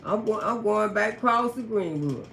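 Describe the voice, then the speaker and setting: A woman voicing a gruff, offhand adult man in a story she is telling. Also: medium pitch, lively intonation, moderate pace, fairly bright tone, a little hiss or hum, voice pushed down. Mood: dismissive. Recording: roomy echo.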